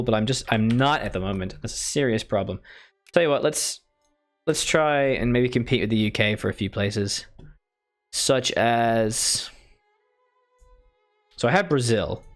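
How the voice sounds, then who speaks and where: A man giving casual commentary while playing a strategy game, thinking aloud and scolding himself. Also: medium pitch. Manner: muttering, self-deprecating, thinking aloud. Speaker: strategy game let's player.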